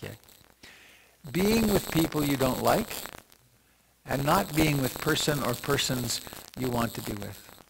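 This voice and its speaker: A man's voice: mid-range voice, animated, unhurried, creaky, pauses often, background noise. An older man, a meditation teacher, giving a reflective, meandering dharma talk full of restarts and asides.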